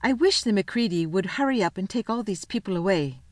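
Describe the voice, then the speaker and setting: A woman reading aloud, voicing a fussy, sensible young schoolgirl in a high, fretful voice. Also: lively intonation, brisk, darkish tone, dry recording, lightly acted.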